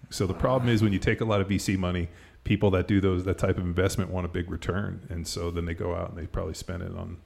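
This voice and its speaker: A middle-aged man with a very deep, gravelly voice talks loosely and at length as a podcast host. His sentences wander and fill up with "like" and "you know." He laughs easily between thoughts. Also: flat delivery, fast talker, few pauses, a little mellow. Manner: rambling, filler-heavy, lots of "like". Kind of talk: casual chat.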